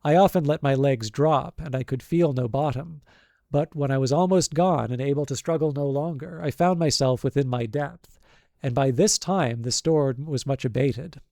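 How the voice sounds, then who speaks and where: Gravelly man reading a classic novel aloud. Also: medium pitch, a little mellow, no echo, clean studio sound. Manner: unrehearsed reading with stumbles and self-corrections. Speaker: streamer reading a book aloud.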